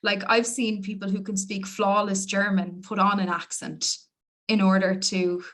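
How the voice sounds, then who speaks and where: A woman's voice: medium pitch, flat delivery, unhurried, a bit bright. Thoughtful young woman researcher answering. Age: young adult. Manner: thoughtful, hedging. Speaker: guest speaker, researcher. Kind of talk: answering questions in a talk.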